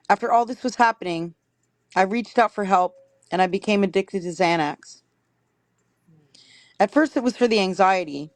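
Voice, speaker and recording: Female streamer, steady read-aloud of viewer messages, dry close sound, mid pitch. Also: dry recording. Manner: reads steadily, stops to correct herself. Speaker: livestream host reading viewer stories. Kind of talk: reading messages aloud on a livestream.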